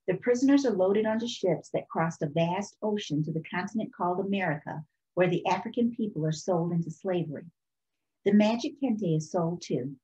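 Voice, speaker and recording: A woman reading a children's picture book aloud for storytime in a calm, expressive way. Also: medium pitch, lo-fi sound. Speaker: storytime reader.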